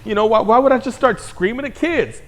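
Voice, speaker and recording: A man voicing a soft-spoken, exasperated woman schoolteacher who pleads her case. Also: extremely high pitch, expressive, brisk, pitched above the performer's own voice. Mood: defensive. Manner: pleading, defensive.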